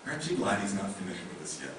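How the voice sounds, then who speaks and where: A man's voice: low-pitched, very animated, fast, fairly bright tone, a little hiss or hum. Man preaching in an echoey church. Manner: conversational preaching with rhetorical questions. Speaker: pastor. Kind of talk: sermon. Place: church sanctuary. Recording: echoey room mic from a distance.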